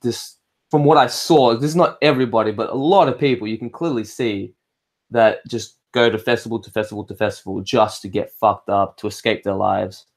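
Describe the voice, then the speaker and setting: With a lowish voice and a brisk delivery, this Australian livestream host rambles through casual chat. He swears freely, keeps restarting sentences, and reads out viewer comments to answer them as they come in.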